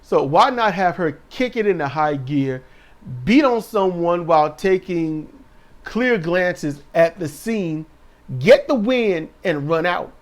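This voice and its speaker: Recapping a wrestling show with heavy sarcasm, a man mocks the wrestlers through put-on voices and raised-voice impressions. His voice is high and animated, yet he takes it slowly.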